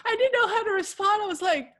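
A woman's voice: very high-pitched, fast talker, bright, forceful tone. A woman who works in school IT support, casually telling funny stories and laughing often. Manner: chatty, giggly storyteller. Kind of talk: casual podcast chat.

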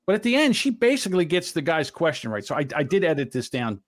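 A man's voice: a little high, big pitch swings, quick pace. Philly guy hosting a podcast, rambly and blunt, swears a lot. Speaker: podcast host. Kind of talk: casual chat.

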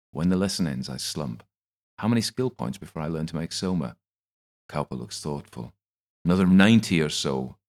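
Very deep-voiced male audiobook narrator. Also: vocal fry. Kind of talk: first-person audiobook narration.

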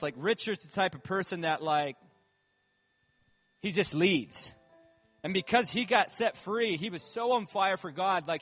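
A man's voice: a little high, a bit bright. A man, a church leader, telling a story in a sermon, casual and rambling with lots of fillers. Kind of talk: sermon testimony. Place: church hall. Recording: reverberant hall with music behind.

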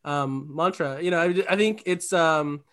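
A man with a high voice hosts a podcast. He reflects aloud in a loose, rambling way, full of small fillers. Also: measured pace, fairly bright tone. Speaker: podcast host. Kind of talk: casual interview chat.

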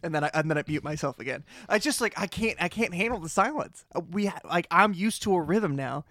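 A man's voice: high voice, animated, quick pace, bright, forceful tone, dry recording. A man with a Boston accent co-hosting a podcast in casual chat, rambling and self-deprecating, with many restarts. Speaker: podcast co-host.

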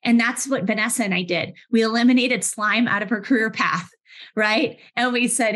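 A woman in her thirties, a head of HR, speaking conversationally in a webinar with lively anecdotes and frequent restarts. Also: a little high, normal speed. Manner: animated, restarts often, vivid everyday anecdotes. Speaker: head of HR, session host.

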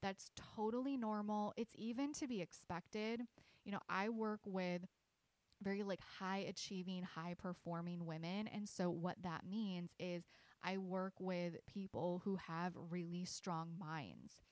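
A woman's voice: fairly low pitch, unhurried, darkish tone, dry recording. A woman hosting her own podcast, earnestly explaining her coaching sessions with frequent "like" and small restarts. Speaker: podcast host and intuition coach.

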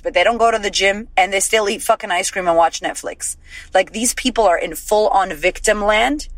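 A woman's voice: mid-range voice, dry recording, low-quality recording. A woman hosting a podcast, giving a blunt, profane, fired-up motivational pep talk. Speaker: podcast host and life coach.

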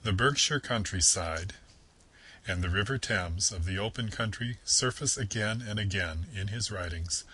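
A man giving a measured, formal scripted lecture on literature. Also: on the low side, pushed and bright, breathy edge, poor audio.

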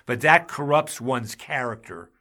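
A man's voice: mid-range voice, unhurried, bright, forceful tone. A man hosting a podcast in casual talk, emphatic and getting heated, with frequent restarts. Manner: emphatic, gets heated and raises his voice. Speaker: podcast host. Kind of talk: casual chat about law.

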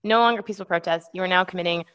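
A woman co-hosting a casual political podcast, indignant and quick, often restarting her sentences and talking over her partner. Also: lowish voice, a bit bright, clear, resonant tone, highs cut off. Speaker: podcast co-host. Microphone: remote call with feedback.

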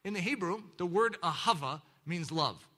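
A male pastor preaching a sermon in an animated way, swinging between loud emphasis and hushed, intimate moments. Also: sits high, normal speed.

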